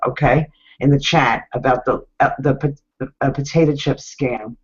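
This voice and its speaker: A woman's voice: a bass voice, unhurried. A woman hosting an online business webinar, talking casually and bluntly as she coaches viewers directly. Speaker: webinar host. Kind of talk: casual motivational talk. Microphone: video call. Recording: muffled video call audio.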